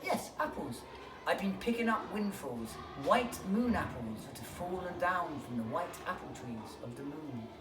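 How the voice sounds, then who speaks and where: Reader voicing a kindly storybook bear, bright and lively, roomy echo, distant mic. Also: mid-range voice, a little slow. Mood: cheerful fibbing. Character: kindly clever bear protecting mice. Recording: echoey room, distant mic, background noise.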